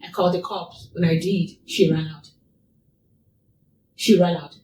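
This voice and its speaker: A woman's voice: lowish voice, fairly even intonation, a little slow, a little mellow, a little hiss or hum. A woman guest in an interview, telling a personal story in a repetitive, emphatic way. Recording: echoey room, distant mic.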